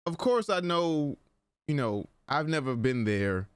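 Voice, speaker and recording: A young man co-hosting a podcast in casual chat, telling stories with lots of laughter and sudden excited jumps in pitch. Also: unhurried, clean tone, no echo. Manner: animated storyteller, laughs often, jumps into high excited bursts. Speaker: podcast co-host.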